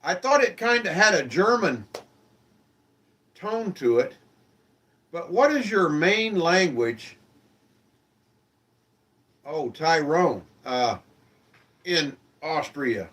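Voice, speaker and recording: A man's voice: a little high, big pitch swings, slow pace, pauses often, a bit bright. A man hosting a live-stream show, chatting casually and in a friendly way with his viewers and asking them questions.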